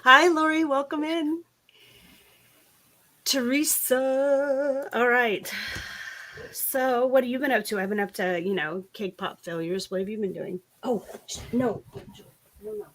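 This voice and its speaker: This middle-aged woman hosts a casual craft livestream, speaking in a high, somewhat bright voice at an unhurried pace with frequent pauses. She's a chatty storyteller who laughs often and keeps restarting her sentences.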